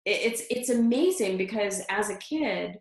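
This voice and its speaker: A middle-aged woman, a guest in an interview, telling a personal story in an animated way, laughing often and restarting her sentences. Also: medium pitch, moderate pace. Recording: roomy echo.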